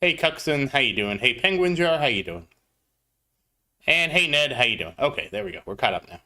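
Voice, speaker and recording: Lively, bright-voiced man streaming a game. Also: mid-range voice, brisk. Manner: chatty, greets chat viewers by name. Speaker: gaming livestreamer. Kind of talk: casual gameplay commentary.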